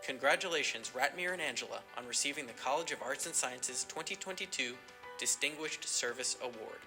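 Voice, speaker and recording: A man reading a formal scripted award tribute in a measured delivery. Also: mid-range voice. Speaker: ceremony announcer. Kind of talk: scripted narration. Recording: narration over music.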